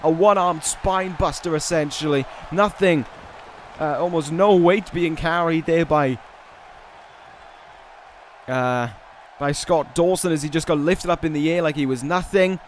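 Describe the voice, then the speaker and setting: A man commentating a wrestling video game in a slightly high voice. He rambles casually between matches with restarts and fillers, then rises into excited calls when the big moves land. Faint noise sits behind him. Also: measured pace. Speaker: gaming video host.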